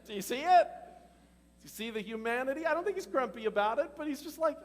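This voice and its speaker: Male pastor, high voice, animated conversational sermon, long church-hall reverb. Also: fairly quick. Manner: animated, conversational preaching with laughs and questions to the congregation.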